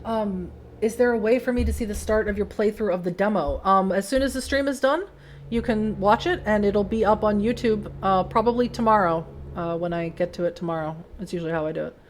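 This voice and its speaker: A woman streamer chatting with her viewers at the end of a stream, enthusiastic and full of fillers and restarts. Her voice is hoarse and worn, as if it is about to give out. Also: mid-range voice, a little fast, slight background noise. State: hoarse, voice giving out. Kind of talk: casual livestream chat.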